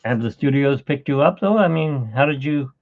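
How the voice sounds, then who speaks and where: A middle-aged man hosting a live drawing stream talks in an animated, mid-range voice at a moderate pace. He chats casually, rambling through stories, in tinny, phone-like livestream audio.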